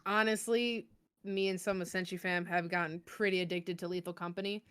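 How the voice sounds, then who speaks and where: A woman's voice: fairly low pitch, fairly even intonation, fairly quick, fairly bright tone, smooth, dry recording. A woman co-hosting a podcast in casual chat, laughing often and swearing casually. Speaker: podcast co-host.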